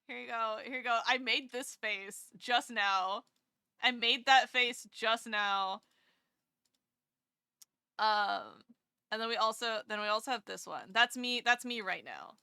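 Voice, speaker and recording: A woman's voice: fairly high pitch, unhurried, pushed and bright, clear, resonant tone, dry recording, studio quality. A woman VTuber streamer chatting casually with her viewers live, rambling and self-deprecating, gushing over kind messages.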